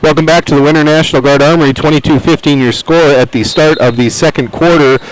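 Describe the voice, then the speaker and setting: A man with a Midwestern American accent calling a high school basketball game play-by-play, briskly following each play. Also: fairly even intonation, rough recording. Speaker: play-by-play announcer. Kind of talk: live basketball commentary. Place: high school gym at an armory.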